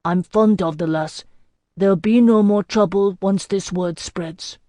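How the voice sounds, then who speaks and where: A woman reading an audiobook voices a gruff, blunt male warrior with rustic dialect speech. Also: mid-range voice, unhurried, dark tone, dry recording, studio quality, lightly acted.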